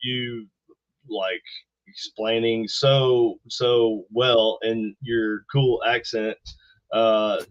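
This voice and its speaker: A man's voice: mid-range voice, steady tone, extremely slow, no echo. A man from the United States hosting a podcast, laid-back, trailing off mid-sentence and calling people bro and dude. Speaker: podcast host. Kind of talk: casual podcast chat. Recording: slightly dull, dry sound.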